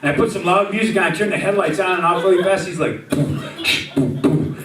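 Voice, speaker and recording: High-voiced man telling crude jokes live. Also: steady tone, very fast, a crowd in the background. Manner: crude, chuckling through his own jokes. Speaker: comedic performer. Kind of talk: live comic storytelling to an audience. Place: live venue with a crowd. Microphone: handheld microphone. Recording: echoey, distant, over loud guitar music.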